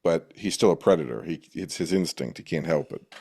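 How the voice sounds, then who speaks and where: A man's voice: low-pitched, fairly quick, vocal fry, a little mellow, husky. A man appearing as a guest on a podcast, analyzing film characters in casual talk and slipping into mock voices now and then.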